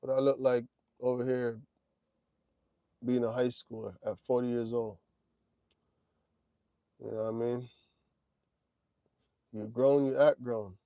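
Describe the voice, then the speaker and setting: A man's voice: mid-range voice, flat delivery, takes it slowly, creaky, long pauses, mellow, no room sound. A man in his forties hosting a trucking livestream, talking casually and directly to his chat. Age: 40s. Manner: laid-back, talks straight to chat, drawls "man" and "y'all".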